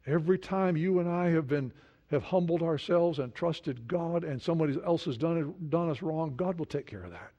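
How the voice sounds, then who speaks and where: A man preaching a sermon, asking his listeners many questions and dropping from loud emphasis to a hushed, quiet voice. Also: on the high side, normal speed, lo-fi sound. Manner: dynamic preaching, swings from loud emphasis to hushed near-whisper. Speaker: pastor.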